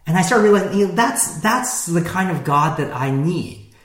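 A man preaching a sermon in a relaxed, conversational way, with frequent fillers and restarts. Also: high voice, normal speed, roomy sound. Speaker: pastor.

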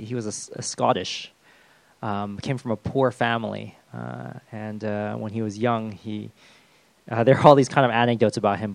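A man preaching a sermon, talking in a halting way with lots of fillers and restarts. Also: fairly low pitch, gravelly, dry recording. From the West. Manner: hesitant, with many fillers and restarts.

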